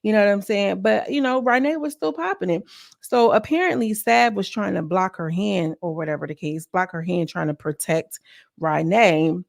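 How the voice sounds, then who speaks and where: Chatty woman with a gravelly voice. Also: mid-range voice, moderate pace, no echo, clean studio sound. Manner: chatty and animated, acts out cast members' lines. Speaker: reality TV recap vlogger. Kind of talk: casual episode recap.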